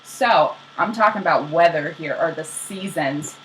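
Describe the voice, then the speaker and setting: A young woman casually retelling myths as a podcast co-host, slangy and animated, acting out the characters. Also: low voice, unhurried, slight background noise, poor audio.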